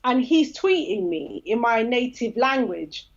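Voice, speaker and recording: A woman's voice: on the high side, a little slow, lo-fi sound. A woman, a podcast guest telling a story in casual chat and acting out the quoted dialogue. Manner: lively, acts out quoted dialogue.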